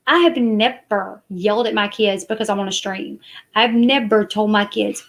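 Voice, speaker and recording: A woman's voice: medium pitch, fairly even intonation, normal speed. A woman, chatting casually and defensively to her live stream viewers. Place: parked car at night.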